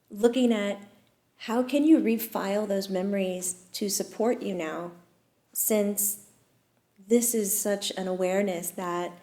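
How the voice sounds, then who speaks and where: A woman hosting a talk show, telling personal stories in a casual, lively way, often laughing and pausing with fillers. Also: medium pitch. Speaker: host and medium. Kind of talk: casual storytelling chat.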